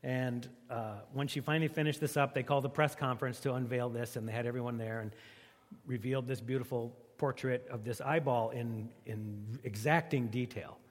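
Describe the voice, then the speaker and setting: A man's voice: medium pitch, fairly even intonation, fairly quick, in a large hall. A man preaching a sermon as a pastor, in a joking, conversational way.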